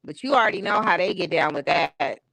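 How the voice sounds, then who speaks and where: A woman's voice: on the low side, lively intonation, brisk, gravelly, fairly bright tone, no room sound, rough recording. A woman hosting a live stream, chatting casually in a candid, opinionated way with slangy everyday talk. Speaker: stream host. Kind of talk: casual chat. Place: home streaming setup.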